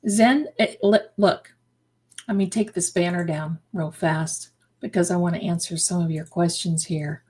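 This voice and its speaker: Slow, emphatic woman livestream host. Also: fairly low pitch, steady tone, darkish tone, husky. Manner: emphatic, repeats phrases, addresses viewers as darlings. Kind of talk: casual livestream chat.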